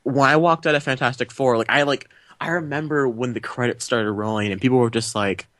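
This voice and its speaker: A man hosting a film podcast, telling a story with gusto and jumping up in pitch when he acts out what people said. His voice sits mid-range and sounds close and dry, with no room around it. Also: brisk, no room sound. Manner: animated storyteller, acts out quotes with big pitch jumps. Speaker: podcast host. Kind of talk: casual podcast chat.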